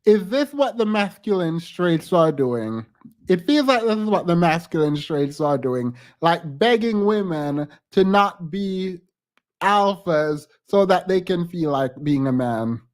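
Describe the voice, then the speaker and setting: A hoarse podcast host giving sassy, laughing commentary on a clip. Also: medium pitch, animated, unhurried. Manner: sassy, exclamatory, laughs often. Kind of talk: casual reaction commentary.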